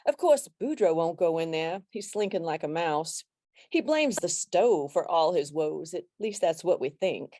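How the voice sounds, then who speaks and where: A woman reading a humorous poem in a put-on Louisiana accent, voicing a country man writing a complaint letter with a slow, drawn-out delivery. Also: lowish voice, lively intonation, mellow, no room sound, studio quality, voice pushed down. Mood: wry.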